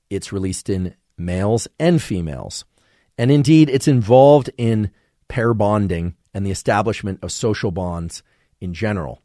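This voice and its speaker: A man hosting a podcast, giving a measured, professorial solo explanation of science. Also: on the low side, mellow, no room sound, clean studio sound. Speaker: podcast host.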